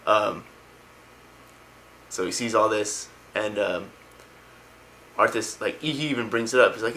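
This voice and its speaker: A man's voice: lowish voice, unhurried, long pauses, sharp tone, slight background noise, low-quality recording. A young man casually retelling a story, rambling and enthusiastic with slangy asides. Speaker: lore explainer.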